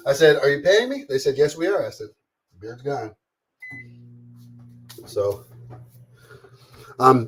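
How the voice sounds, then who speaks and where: Middle-aged male streamer, loose and profane, talks to chat while cooking, medium pitch. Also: darkish tone. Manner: chatty, profane, talks to viewers by name. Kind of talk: casual live-stream chat.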